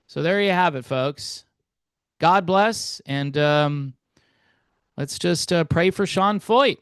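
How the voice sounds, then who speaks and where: A man's voice: on the high side, slow pace, a bit bright, clear, resonant tone, dry recording, studio quality. A man hosting a channel, giving his opinions in a casual, rambling monologue with frequent fillers. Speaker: host.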